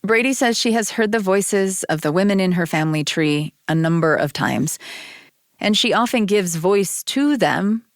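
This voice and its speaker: A woman host giving scripted narration in a measured, explanatory way. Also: medium pitch, lively intonation, dry recording, clean studio sound. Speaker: radio host.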